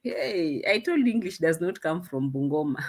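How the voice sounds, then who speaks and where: A woman's voice: sits low, animated, moderate pace, a little mellow. A young Kenyan woman with a Kenyan accent, chatting in a casual commentary vlog in a mocking tone, laughing often. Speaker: vlogger.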